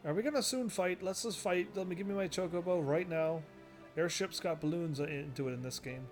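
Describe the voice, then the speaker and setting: A man casually commentating while he plays a game, rambling and quick to laugh at it, with game music behind him. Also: on the high side. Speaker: gaming video host. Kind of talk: casual let's-play commentary.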